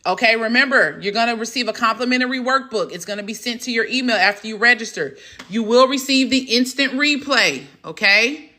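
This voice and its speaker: A Southern woman coaching exam takers on a phone live stream, with a Southern accent and a bright, cutting voice pitched a little high. She talks in an excitable, encouraging way and cheers her viewers on. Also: fairly quick. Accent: Southern American. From Southern United States. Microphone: phone camera.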